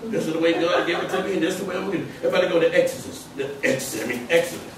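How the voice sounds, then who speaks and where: A man preaching a fiery sermon, driving his points home with shouts and repeated phrases. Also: on the high side, very fast, background noise. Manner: preaches with rising shouts and emphatic repetition. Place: church hall. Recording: echoey hall, mic from far off.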